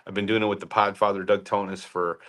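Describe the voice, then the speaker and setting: A friendly male podcast guest with a fairly low voice and a bright, forceful tone. He chats casually and enthusiastically and laughs easily. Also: little pitch movement, fast talker. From Chicago area. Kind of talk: casual chat.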